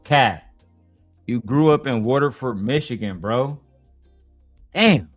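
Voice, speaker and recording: A man's voice: mid-range voice, measured pace, no echo, faint music behind. A man hosting a casual reaction commentary, profane and mocking, laughing often. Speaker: commentary host.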